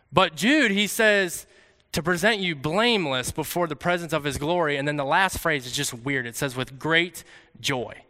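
A man's voice: on the high side, bright, forceful tone. A young man preaching a conversational sermon, earnest and personal, often acting out his own thoughts and prayers as little quoted scenes. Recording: reverberant hall.

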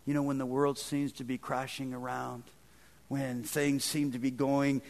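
A man preaching a sermon as pastor, in a conversational way that swings between loud emphatic stretches and soft low passages. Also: little pitch movement, unhurried, vocal fry. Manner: conversational, with frequent "man" and "kind of".

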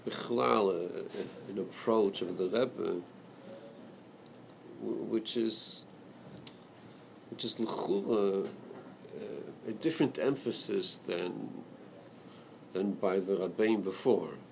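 A man leading a study class on a Chassidic text, thinking aloud in a hesitant, halting way that repeats words. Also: lowish voice, vocal fry, slight background noise. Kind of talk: Torah study class discussion.

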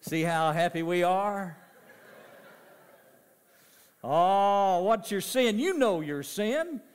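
Animated high-voiced preacher in reverb. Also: male voice, very slow, smooth. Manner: dynamic preaching, swinging from loud emphasis to soft low asides. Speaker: pastor. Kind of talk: sermon. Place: church sanctuary. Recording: long church reverb.

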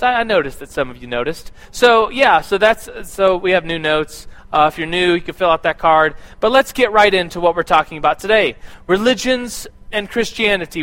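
A man's voice: on the high side, bright, forceful tone, poor audio. A man giving a casual, conversational sermon and church announcements, with a lot of fillers and restarts.

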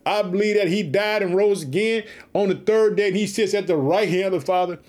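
A man preaching an energetic podcast sermon, fervent and repetitive, calling his listeners family and shouting hallelujah. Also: high-pitched, brisk. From Chicago, United States. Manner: repeats catchphrases, calls listeners family.

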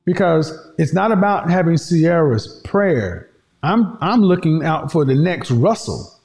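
A man's voice: on the high side, very animated, measured pace, creaky, a little mellow. A man talking to his audience in an emphatic, preachy commentary, repeating his points for effect. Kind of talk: opinionated commentary monologue.

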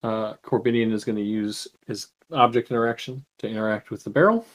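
A man acting as game master, calmly narrating turns and explaining rules of a tabletop game. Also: lowish voice. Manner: measured, explains rules with fillers.

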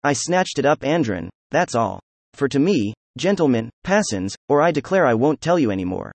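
A man's voice: medium pitch, sing-song, moderate pace, no echo. A man reading a hot-tempered young man. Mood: exasperated. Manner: outbursts, defiant and gloomy.

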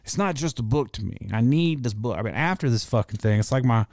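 A man who runs a tattoo shop, hosting a casual monologue and telling a story in a profane, animated way. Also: medium pitch, fast talker, no room sound, studio quality. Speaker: podcast host.

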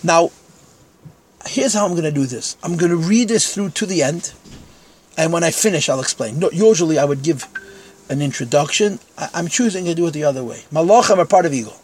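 Candid teacher, slightly high male voice. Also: animated, fairly quick, darkish tone. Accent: Yeshivish English. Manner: conversational, self-deprecating asides. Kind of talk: text-study lecture.

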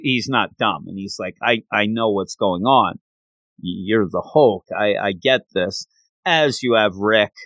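Brief: man retelling a comic book plot, lively swooping pitch, dry close sound. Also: no room sound. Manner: animated, acts out characters, quick asides.

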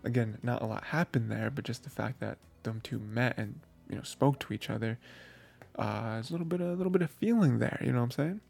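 Gravelly rambling man recapping anime. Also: mid-range voice, fairly quick, a little mellow, soft background music. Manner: rambling, filler-heavy, laughs while recounting. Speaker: anime review host.

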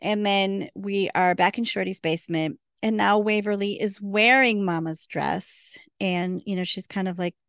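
A woman's voice: medium pitch, fairly even intonation, measured pace, hardly any pauses, a bit bright, dry recording, studio quality. A woman co-hosting a podcast, chatting casually and recounting scenes with quoted dialogue. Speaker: podcast co-host. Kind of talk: casual recap chat.

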